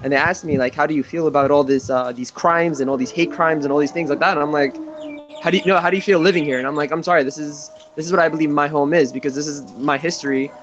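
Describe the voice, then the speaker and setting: An American man joining a video call from abroad, telling stories in an animated, chatty way. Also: on the high side, fast talker, lo-fi sound. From United States. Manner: lively, animated, laughs between anecdotes. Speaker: participant calling in from Israel. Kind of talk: casual storytelling chat. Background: birds chirping.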